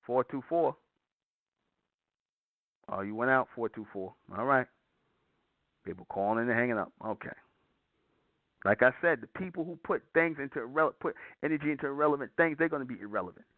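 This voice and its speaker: A man's voice: medium pitch, fairly quick, pauses often, dry recording. A man hosting a call-in show, lecturing his listeners in an emphatic, repetitive way. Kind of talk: preachy call-in monologue. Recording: tinny phone-like line.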